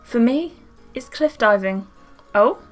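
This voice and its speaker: A woman's voice: on the high side, expressive, slow pace. Brief: woman voicing an upbeat young woman telling a holiday story, game read-aloud, a touch of background music. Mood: lively. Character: cheerful young woman islander, adventurous. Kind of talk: reading game dialogue aloud.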